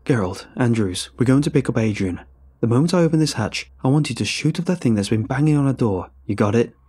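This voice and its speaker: A man's voice: mid-range voice, expressive, fast, mellow, breathy edge. A man voicing a stern, loyal military captain who talks in a firm, commanding way.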